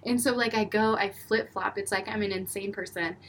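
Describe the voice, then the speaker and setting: A woman's voice: mid-range voice, fairly quick. A young woman, a mother, chatting casually as a podcast co-host and acting out stories about her young son. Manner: animated storytelling, acting out her son and herself. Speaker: podcast co-host, mother of a five-year-old. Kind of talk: casual chat.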